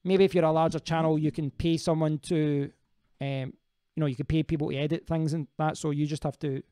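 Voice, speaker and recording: A man's voice: a little high, little pitch movement, brisk, dark tone, clean tone, no room sound, clean studio sound. A man hosting a casual live stream, rambling as he answers viewers' comments and often restarting his sentences.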